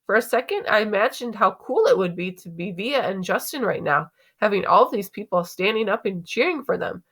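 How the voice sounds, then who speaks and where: A woman's voice: medium pitch, a little fast. Woman reading a novel aloud to a class. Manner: expressive, conversational storytelling.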